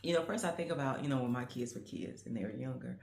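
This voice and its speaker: A woman's voice: extremely low pitch, fast, vocal fry, darkish tone, slight background noise. A woman in her fifties, a grandmother, chatting casually to camera in a rambling, reflective way, full of "you know what I'm saying" asides. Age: 50s. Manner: grandmother musing on changing times. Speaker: vlogger.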